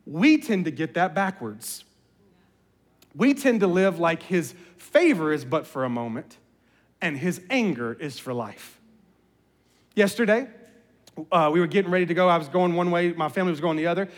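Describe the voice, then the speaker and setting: A middle-aged man preaching a sermon, telling animated personal stories with humor. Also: on the high side, moderate pace, pauses often. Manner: animated storyteller, jokes and voices family members. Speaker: pastor. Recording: reverberant hall.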